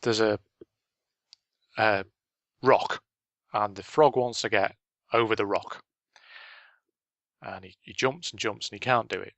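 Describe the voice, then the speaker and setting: A man's voice: lowish voice, fairly even intonation, measured pace, long pauses, fairly bright tone, dry recording. A man co-hosting a casual business chat, telling stories with dry punchlines. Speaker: podcast co-host.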